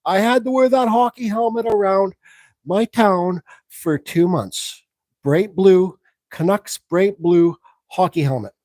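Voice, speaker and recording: A man with a fairly high voice rambles through a story on a live stream, frank and loose with his swearing. The sound is close and dry, with no room around him. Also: slow pace, a little mellow, dry recording, low-quality recording. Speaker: woodcarving channel host.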